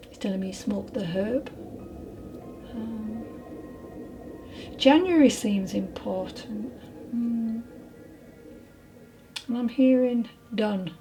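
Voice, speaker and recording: Slow, mellow woman medium. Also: fairly high pitch, soft background music, rough recording. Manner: hesitant, apologetic, soft whispered asides. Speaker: spiritual medium. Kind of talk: channelled mediumship reading.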